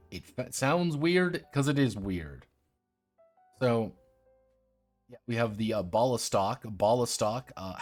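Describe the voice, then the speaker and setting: Irreverent, lively man streaming game reviews. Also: medium pitch. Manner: irreverent and sardonic, swears freely; talks viewers through rule details. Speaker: streamer reviewing tabletop roleplaying games. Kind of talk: casual livestream commentary.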